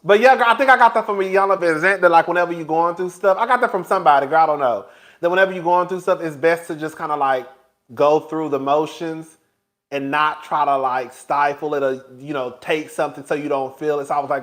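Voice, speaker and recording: A man's voice: a little high, fairly quick, fairly bright tone. A man vlogging into his phone, chatting casually and flamboyantly with viewers, calling them girl and child.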